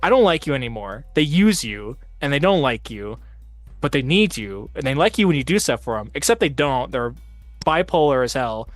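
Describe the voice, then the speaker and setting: A man's voice: mid-range voice, sing-song, normal speed, no room sound, soft background music. A man hosting a casual gaming chat, telling long rambling stories full of "like" fillers. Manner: rambling storyteller, heavy use of "like". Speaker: host of a tabletop game stream.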